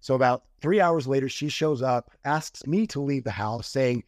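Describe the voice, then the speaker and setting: A middle-aged man, a podcast guest, candidly tells a personal story in casual conversation, acting out the quoted lines. His medium-pitched, darkish voice moves at a moderate pace with hardly any pauses. The studio-quality recording has no room sound.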